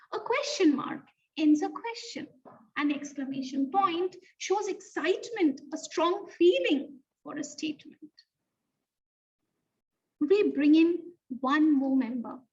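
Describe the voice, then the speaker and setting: A woman teaching young children a lesson, talking expressively and asking the listeners questions. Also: high-pitched. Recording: distant, dull mic sound.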